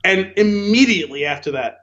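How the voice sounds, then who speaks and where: Male co-host, higher pitch, measured casual movie talk, slightly muffled audio. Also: expressive, fairly bright tone. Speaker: podcast co-host.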